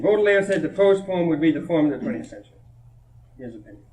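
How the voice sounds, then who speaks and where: A fast-talking man with a fairly high, darkish voice and lively intonation chats with the audience at a poetry reading in a college hall. The Minnesota poet retells a small child's stories with amusement, laughing between anecdotes, captured on old reel-to-reel tape with a distant mic and roomy echo.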